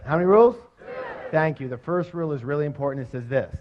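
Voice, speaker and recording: A man giving a motivational seminar talk, energetic and quizzing his audience with questions. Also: mid-range voice, quick pace, slight background noise. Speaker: seminar speaker. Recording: dull lo-fi recording.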